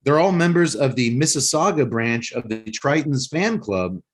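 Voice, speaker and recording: During a casual podcast chat, this co-host retells a movie's plot as a joking storyteller. His mid-range voice is husky and expressive, moving at a normal speed.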